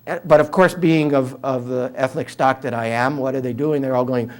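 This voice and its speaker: Being interviewed as an author and guest speaker, a New York–accented man in his seventies tells stories with relaxed, anecdotal humor and lots of fillers. His voice is middle-pitched, with fairly even intonation and a moderate pace.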